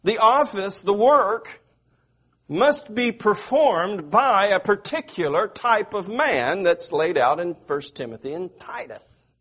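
A man's voice: high-pitched, expressive, sharp tone, slightly rough. A middle-aged man from the American South, preaching a sermon and asking his listeners questions. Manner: slow, repetitive, asks the audience questions.

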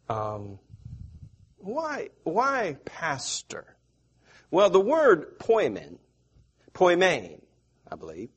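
Man, middle-aged preacher, slightly high voice, questions the congregation. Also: a bit bright, slightly rough. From American South. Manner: slow, repetitive, asks the audience questions. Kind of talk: sermon.

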